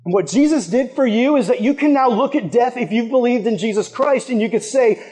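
A young adult man preaching a sermon as a youth pastor, animated and playful, with lots of asides and voices. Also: extremely high pitch, fairly quick, few pauses, breathy edge.

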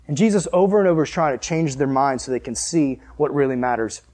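A man preaching a conversational sermon, animated and speaking straight to his listeners. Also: mid-range voice, quick pace. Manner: animated storyteller, addresses listeners directly.

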